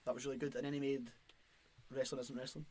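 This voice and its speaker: A man's voice: medium pitch, level tone, quick pace, warm tone. A young Scottish man co-hosting a podcast, rambling in casual chat, laughing often and swearing. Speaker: podcast co-host.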